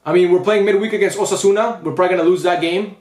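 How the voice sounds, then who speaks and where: Young male fan vlogger, fairly high voice, angry swearing post-match rant in a roomy space. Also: fairly even intonation, very fast, darkish tone. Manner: frustrated, repetitive, swearing.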